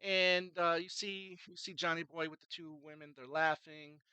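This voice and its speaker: A man's voice: fairly high pitch, steady tone, normal speed, pushed and bright, clear, resonant tone, no echo, low-quality recording. A man casually reviewing a film, retelling its scenes in a rambling way with many fillers and restarts.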